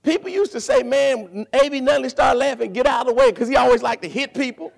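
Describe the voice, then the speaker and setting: A male pastor preaching a sermon, animated, repeating words and calling for responses from the congregation. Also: very high-pitched, quick pace, gravelly.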